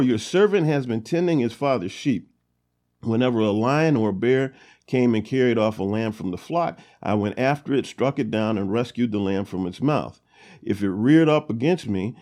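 Man, Bible study host, casual retelling of scripture, lots of you-knows and uhs, average pitch. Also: animated, normal speed, darkish tone. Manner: conversational, many fillers like "you know" and "uh".

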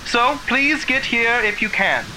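A game master voicing a calm, reassuring town radio announcer giving emergency notices. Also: mid-range voice, a little slow, background noise, pitched above the performer's own voice, natural voice. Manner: soothing, reassuring.

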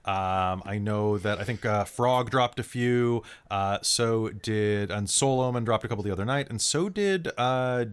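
A man's voice: on the low side, measured pace, hardly any pauses, smooth. Rambling man as game master. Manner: rambling, many fillers and restarts. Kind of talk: casual stream sign-off chat.

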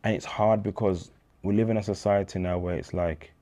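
A man's voice: deep voice, fairly even intonation, fairly quick, warm tone. A man, telling his faith story as an interview guest in a candid slang-filled way, acting out dialogue.

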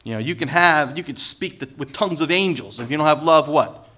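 A man preaching a sermon in a lively, conversational way, acting out quotes and building to loud emphasis. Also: a little high, brisk. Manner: animated, acts out quotes, jokes, rises to loud emphasis. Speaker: pastor.

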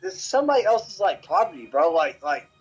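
A man from Memphis, telling a story as a podcast guest in a rambling, animated way and swearing constantly. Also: high-pitched, brisk, slightly rough, poor audio. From Memphis, Tennessee. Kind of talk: casual storytelling.

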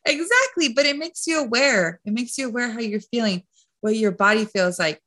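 Bright, chatty woman coach. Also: on the high side, expressive, normal speed. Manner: rambling, heavy on "like" and "you know". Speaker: nutrition and mindset coach, guest. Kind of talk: casual podcast chat.

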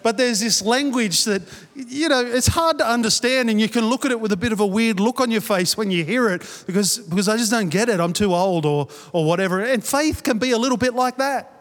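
In a reverberant church auditorium, a pastor in his 40s delivers a sermon. His fairly high voice has a brisk, fairly bright tone, easy and conversational as he tells stories before rising into emphatic, repeated declarations.

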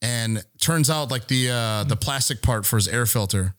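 A podcast co-host tells rambling stories in a mid-range voice at a moderate pace, recorded dry on a close mic. He swears freely and acts out the quotes as he goes in this casual storytelling.

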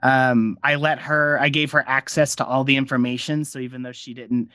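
A man's voice: mid-range voice, steady tone, normal speed, sharp tone, no echo, clean studio sound. A man hosting a casual behind-the-scenes podcast interview about his audio drama, rambling into friendly tangents with lots of fillers.

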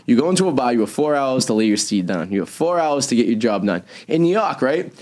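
A man with a Boston accent runs a radio show, rattling off crude jokes and loose stories at a rapid clip. His pitch sits in an ordinary middle range, and he rambles from one thought to the next. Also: sing-song, a little mellow. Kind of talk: casual radio banter.

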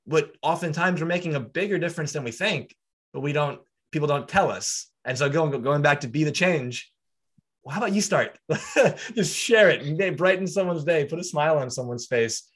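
A man's voice: on the high side, normal speed, a bit bright, husky. A man hosting a podcast, speaking earnestly and reflectively while setting up long questions. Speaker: podcast host. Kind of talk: casual interview.

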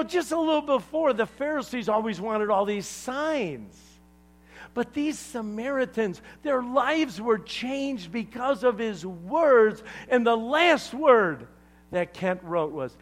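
A pastor preaches to his congregation in a voice that sits high, swinging between loud, emphatic lines and hushed asides. He jokes with the room as he goes.

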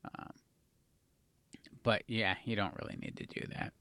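A man's voice: lowish voice, steady tone, measured pace, sharp tone, no room sound, in a whisper. A young adult man co-hosting a casual chat show, rambling, swearing casually and losing his train of thought. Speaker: podcast co-host.

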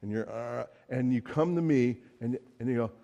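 A man's voice: medium pitch, normal speed, gravelly, warm tone, highs cut off. A man preaching a sermon in a conversational, storytelling way, with casual asides. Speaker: pastor.

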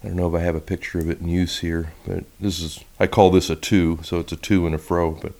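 A man who makes violins gives a relaxed, rambling talk over slides, with many restarts. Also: sits low, quick pace, gravelly. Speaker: violin maker giving a talk.

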